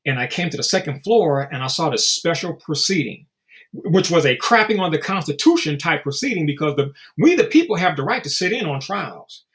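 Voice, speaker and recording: A man's voice: a little high, expressive, a little fast, fairly bright tone. A man speaking as a guest in a casual interview, blunt and profane, telling stories and acting out quotes. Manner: storytelling with acted-out quotes.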